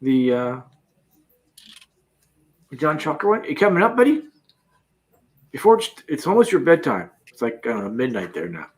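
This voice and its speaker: A man's voice: mid-range voice, big pitch swings, normal speed, long pauses. Chatty Canadian man hosting a live chat. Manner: chatty, reads out viewer comments, laughs often. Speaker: livestream host. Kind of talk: casual live-chat banter. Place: in a campervan.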